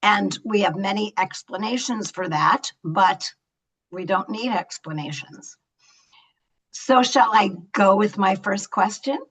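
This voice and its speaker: An older woman moderating a virtual fireside chat over a video call, talking in an animated, effusive way. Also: medium pitch, slow pace, poor audio. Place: Los Angeles.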